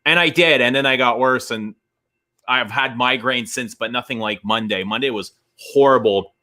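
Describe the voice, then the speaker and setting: A middle-aged Canadian man talks through a stream in loose, rambling chat. His voice is bright and forward, with a mid pitch, and he often stops and restarts his sentences. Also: normal speed. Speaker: stream co-host. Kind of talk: casual chat.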